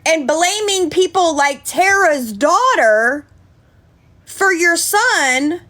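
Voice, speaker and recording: A woman's voice: extremely high pitch, expressive, slow, a bit bright. A woman chatting on a livestream, indignant, thanking viewers by name. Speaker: livestream host. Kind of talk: casual livestream chat.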